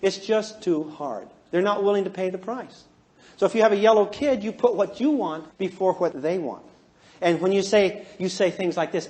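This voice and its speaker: A man counseling and teaching a live class in a joking, animated way, often asking the audience questions. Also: high-pitched, normal speed. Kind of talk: humorous lecture to a live class.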